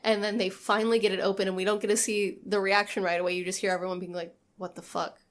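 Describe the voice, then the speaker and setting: A woman's voice: mid-range voice, level tone, rapid-fire. A woman co-hosting a podcast, casually retelling a horror film and acting out the characters' lines. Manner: chatty storytelling with acted-out quotes. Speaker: podcast co-host. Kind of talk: casual movie recap chat.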